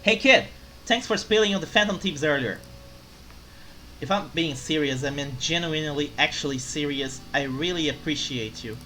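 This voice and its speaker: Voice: mid-range voice, moderate pace, a little hiss or hum, close to an everyday voice, low-quality recording. A player voicing a tipsy, brash female journalist from a video game, reading her lines with a put-on drunk slur. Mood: wry. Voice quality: slurred drunk voice. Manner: loud, emphatic, swings to shouting. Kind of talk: reading game dialogue aloud.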